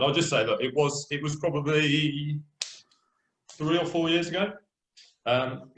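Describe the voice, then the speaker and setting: Animated man from the English Midlands. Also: mid-range voice. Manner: animated, laughing storyteller. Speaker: podcast guest. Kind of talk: casual storytelling. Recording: roomy echo.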